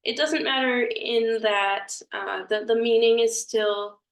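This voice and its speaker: A woman talks slowly through a grammar lesson, often pausing to think aloud and searching for a better way to explain. Her voice sounds roomy and a little distant from the mic. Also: on the high side, steady tone. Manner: thinking aloud, hesitant, apologetic. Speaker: language teacher.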